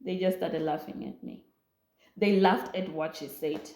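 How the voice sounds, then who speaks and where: A woman's voice: on the low side, measured pace. A young woman, telling a story in a casual vlog and animatedly acting out what people said. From Namibia. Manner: animated, acts out quoted voices. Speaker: vlogger. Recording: roomy echo.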